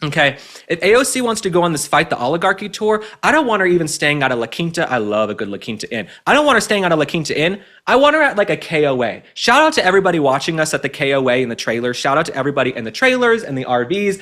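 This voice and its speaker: A man's voice: on the high side, big pitch swings, quick pace, fairly bright tone. A man hosting an opinionated commentary show, talking in a sassy, campy way with mocking asides. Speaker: host.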